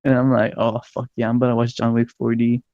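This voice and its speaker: A young man, a podcast co-host, telling a story in casual chat, excitable and swearing a lot, laughing as he goes. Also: medium pitch, brisk, dry recording, highs cut off. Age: young adult.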